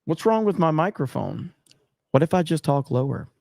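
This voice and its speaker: A man hosting a livestream, reading viewer comments in an animated, blunt, profane way. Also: fairly high pitch, normal speed, vocal fry, no room sound, studio quality. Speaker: livestream host.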